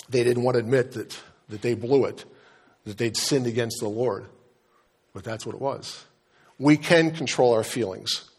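A middle-aged man preaching as a pastor, telling stories and acting out dialogue, often restarting his sentences. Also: mid-range voice. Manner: storytelling preacher, acts out dialogue, frequent restarts. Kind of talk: sermon.

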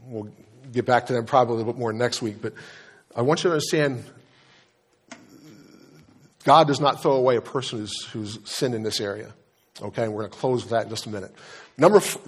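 A middle-aged man preaching as a pastor, telling stories and acting out dialogue, often restarting his sentences. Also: medium pitch. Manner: storytelling preacher, acts out dialogue, frequent restarts. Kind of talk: sermon.

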